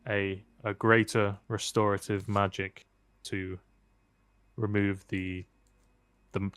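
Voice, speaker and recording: A man narrating a tabletop game as game master, relaxed and joking, with many fillers. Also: deep voice, no room sound.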